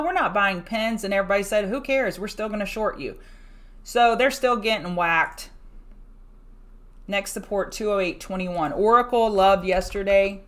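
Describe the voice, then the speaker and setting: A woman with a Southern US country accent hosting a fast pre-market trading rundown, brisk and chatty, calling her viewers y'all. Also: medium pitch, a bit bright. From rural US. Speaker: stock market show host.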